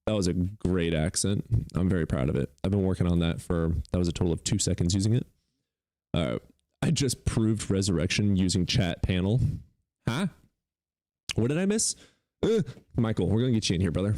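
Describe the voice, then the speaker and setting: Low-voiced, animated sarcastic man. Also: a little fast, no room sound. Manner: joking, sarcastic, swears casually. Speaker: livestream debate host. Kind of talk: casual live-stream chat.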